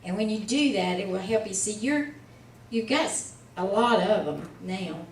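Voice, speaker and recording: A woman with an animated, mid-range voice teaches Hebrew at normal speed, patient yet a little weary as she coaxes students with frequent fillers. The lesson is slow and careful, captured on a distant mic in an echoey room with slight background noise.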